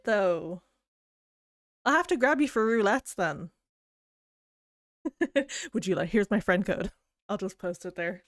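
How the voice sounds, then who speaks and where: A woman game streamer chatting casually and rambling, self-deprecating and giggly. Her voice sits at a middle pitch and sounds close and dry, with no room around it. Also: dry recording. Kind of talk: casual chat.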